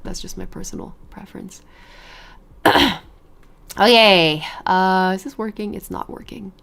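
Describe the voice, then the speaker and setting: A woman streaming and chatting casually with her viewers, animated, swearing freely and laughing often. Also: on the low side, vocal fry. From grew up with Chinese and Japanese media.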